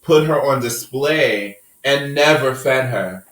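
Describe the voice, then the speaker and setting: Male podcast host, heated and profane, preachy delivery, medium pitch. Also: takes it slowly, fairly bright tone, echoey room, far from the mic, low-quality recording. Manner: impassioned, profane, preachy rants. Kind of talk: passionate casual podcast discussion.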